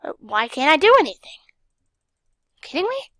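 Young female let's-player, excitable, chatty, dips into whispers; high, lively voice, dry close mic. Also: moderate pace, dry recording. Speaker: gaming channel host. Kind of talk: casual game commentary.

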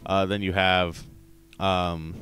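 A man co-hosting a casual podcast, recapping a comic chapter in a quick, stumbling chat. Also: low voice, flat delivery, fairly bright tone, faint music behind. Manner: rapid recapping with stumbling restarts.

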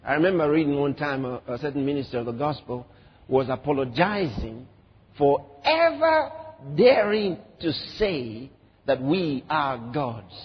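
A pastor in full sermon mode, his husky voice pitched high and ranging freely as he acts out other people's words. The sound is dull and lo-fi, with the long ring of a large hall behind him. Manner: emphatic preaching with rhetorical questions and quoted voices.

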